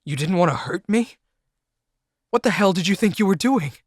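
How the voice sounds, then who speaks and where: A man's voice: medium pitch, fairly quick, a bit bright, no echo, studio quality, lightly acted. A man voicing a betrayed young man seething with rage in an audiobook, harsh and barking. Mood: enraged.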